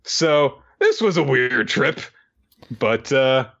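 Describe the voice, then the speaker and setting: A man casually recapping a story chapter, animated, quoting the characters in goofy voices. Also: medium pitch, slow. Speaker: podcast co-host. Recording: dull lo-fi audio.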